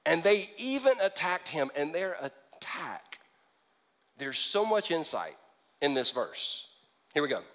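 A man preaching a sermon as pastor, telling the story with lively, jokey asides. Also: on the high side, slow. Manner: lively storytelling with acted-out quips.

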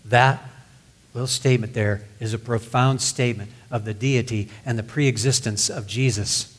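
A man's voice: mid-range voice, normal speed, fairly bright tone. A man preaching a sermon, reading scripture aloud and explaining it in plain words. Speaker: pastor.

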